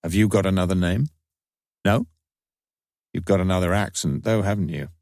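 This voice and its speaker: A man voicing a cultured, authoritative older police inspector with a sharp, dry manner. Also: sits low, moderate pace, no room sound. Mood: probing.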